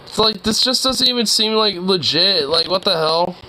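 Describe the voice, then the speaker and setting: A man's voice: high voice, animated, moderate pace, noisy background. A young man casually reacting to a video while gaming, laughing and swearing in disbelief. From suburban Toronto, Canada. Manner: laughing, incredulous, profane. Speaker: streamer.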